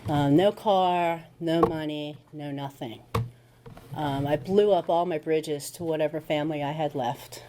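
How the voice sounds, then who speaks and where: Low-voiced woman telling her recovery story. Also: fairly even intonation, measured pace, background noise. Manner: conversational storytelling with acted-out quotes. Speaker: recovery meeting speaker. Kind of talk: personal testimony talk.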